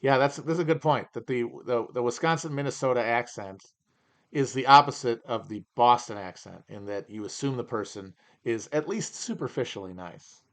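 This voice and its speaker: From his upper Midwest home region, a podcast host runs a livestream Q&A in a medium-pitched voice at a moderate pace. His talk wanders, carries a wry, opinionated edge, and is full of restarts.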